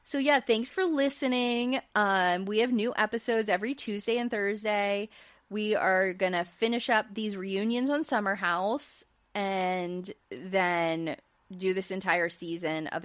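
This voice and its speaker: A woman's voice: mid-range voice, fairly bright tone, no room sound. A woman hosting a podcast and recapping a reality show in casual, chatty talk, with plenty of fillers and light laughs. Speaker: podcast host.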